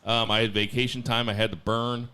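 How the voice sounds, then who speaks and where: A man in his thirties hosting a wrestling podcast, chatting in a relaxed way with a few restarts. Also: medium pitch, brisk, clean tone. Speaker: podcast host. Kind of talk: casual wrestling podcast chat.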